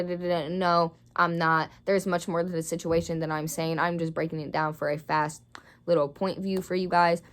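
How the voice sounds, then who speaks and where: A young woman telling a heated, profane storytime rant about her job in a vlog. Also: fairly low pitch. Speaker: vlogger.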